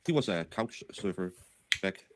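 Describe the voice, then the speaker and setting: A man from Denmark, introducing a fairy tale reading haltingly with many fillers. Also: low voice, lively intonation. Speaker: streamer reading fairy tales. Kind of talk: casual spoken introduction.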